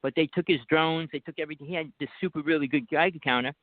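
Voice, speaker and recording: A man with a New Jersey accent and a fairly high voice speaks quickly, with fairly even intonation and no echo, over a dry, tinny phone line. As a guest in a rambling phone conversation, he talks insistently, pushing on over interruptions and talking over the other speaker.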